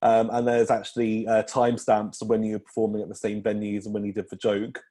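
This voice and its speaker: A man's voice: on the low side, monotone, brisk, mellow. A British man, a comedian, chatting on a podcast by video call, rambling with many fillers and laughing often. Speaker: comedian guest. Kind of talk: casual podcast interview.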